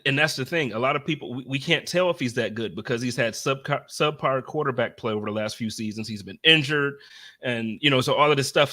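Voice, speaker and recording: A man hosting a casual sports podcast, talking in an energetic, emphatic way. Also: medium pitch. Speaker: podcast host.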